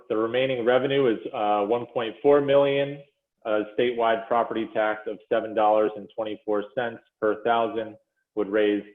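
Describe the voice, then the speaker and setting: A man presenting figures to a commission in a measured, explanatory way, with frequent fillers and self-corrections, speaking over a video call. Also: on the low side. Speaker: presenter to a school funding commission. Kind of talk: policy presentation walking through slides. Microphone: video call audio. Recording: phone-like echoey video call audio.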